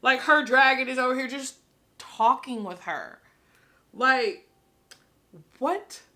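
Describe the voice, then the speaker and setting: Woman, book vlogger, casual reaction vlog, excitable, rambling, high bright voice. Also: slow pace. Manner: excitable and gushing, laughs often; rambling, repeats herself. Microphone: camera she films herself with.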